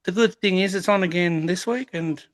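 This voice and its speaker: A man hosting a casual podcast chat, relaxed and halting, chuckling often. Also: sits high. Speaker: podcast host.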